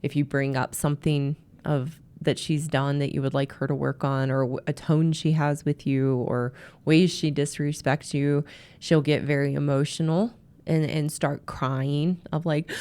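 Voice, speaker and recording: Give me a woman with a very low voice, earnestly coaching in an advice talk. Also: fairly even intonation, a little slow, warm tone. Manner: earnest, repeats words when restarting. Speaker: marriage coach and host.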